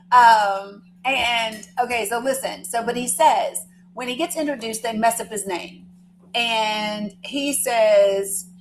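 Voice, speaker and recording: A woman's voice: a little high, slight background noise, poor audio. A woman hosting a livestream, telling a story in a rambling, chatty way and teasing her viewers, with the odd swear word. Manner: casual swearing. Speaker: livestream host. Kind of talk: casual storytelling to a live chat.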